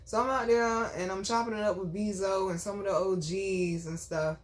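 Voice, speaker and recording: A woman's voice: medium pitch, fairly even intonation, moderate pace, slight background noise. A woman hosting a vlog, telling a personal story in an emphatic, chatty way, with frequent asides to her viewers. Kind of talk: casual storytelling.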